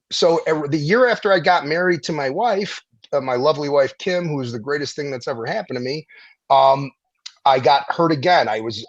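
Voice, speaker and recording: A middle-aged man, a veteran and former firefighter, telling stories in a casual interview, animated and profane, acting out the people he quotes. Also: fairly high pitch, dull audio.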